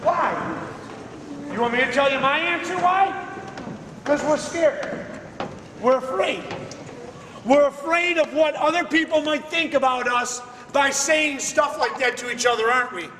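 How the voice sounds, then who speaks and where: In this distant recording from an echoey hall, with a little hiss or hum, a man delivers a preachy, emphatic motivational talk to schoolchildren, throwing out slang and questions. His very high, sharp voice is unhurried, with long pauses.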